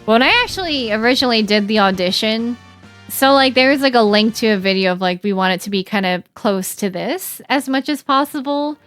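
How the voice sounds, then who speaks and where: A young woman chatting casually while streaming a game, animated and giggly, with lots of "like" fillers. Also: a little high, a little fast, soft background music.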